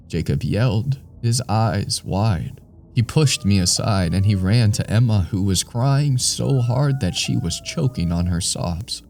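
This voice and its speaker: Slow, dark-voiced male horror narrator. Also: on the low side, lively intonation, creaky, slight background noise. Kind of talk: scripted first-person horror narration.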